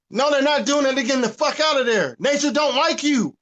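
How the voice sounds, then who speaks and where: A man's voice: extremely high pitch, fairly quick. A man, ranting with profanity in a casual podcast talk. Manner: animated, profane, preachy. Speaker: podcast host. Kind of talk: casual rant.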